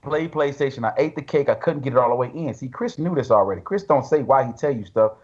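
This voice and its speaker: A man's voice: mid-range voice, fast, muffled recording. A man telling stories in a casual, slangy way, acting out other people's lines. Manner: animated, slangy, acts out quotes. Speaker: guest bodybuilder. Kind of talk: casual storytelling.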